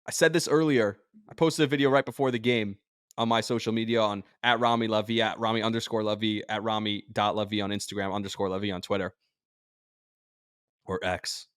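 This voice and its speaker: A man's voice: on the low side, level tone, a little fast, fairly bright tone, clear, resonant tone, no echo, clean studio sound. A man hosting a sports podcast, talking in an emotional, rambling way that jumps between thoughts and sounds drained. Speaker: podcast host and sports radio personality.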